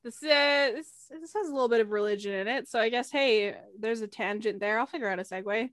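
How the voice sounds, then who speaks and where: A woman's voice: fairly high pitch, fairly quick, a bit bright, no room sound, studio quality. A woman co-hosting a casual podcast, presenting her topic in a chatty, blunt way with swearing and asides.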